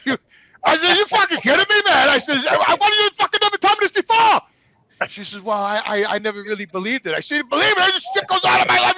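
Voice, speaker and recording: A man in his sixties with a New York accent tells blunt, profane stories about his life as a talk show guest, retelling them with real animation. His voice sits high and creaky, and the low-quality recording has no echo. It's casual storytelling from a New Yorker.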